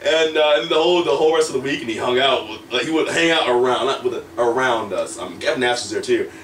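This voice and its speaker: An American man, a young adult pro wrestler, telling candid stories in an interview, animated, laughing often and restarting his sentences. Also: mid-range voice, fast, a little hiss or hum. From United States. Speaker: professional wrestler, guest. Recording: roomy echo, mic at a distance, faint ambience.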